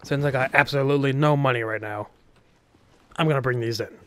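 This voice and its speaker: A young man hosting a video game let's play, his voice strained and sore from use. He talks in a mid-pitched, casual way, joking around and swearing freely. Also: fairly quick, clear, resonant tone, no room sound. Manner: swears often, jokey. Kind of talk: casual gameplay commentary.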